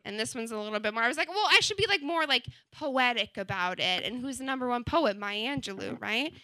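A young woman performs stand-up into a handheld mic, her voice very bright and a touch high. She talks in a chatty, wry way full of "like" and lands her punchlines deadpan. The sound is dry and close. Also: a little fast, no room sound. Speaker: stand-up comedian. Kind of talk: stand-up comedy set. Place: comedy club stage.

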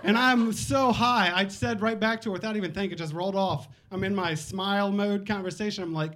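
A man's voice: high voice, brisk, a bit bright. A man from Virginia doing a loose, self-mocking stand-up set at a bar comedy night.

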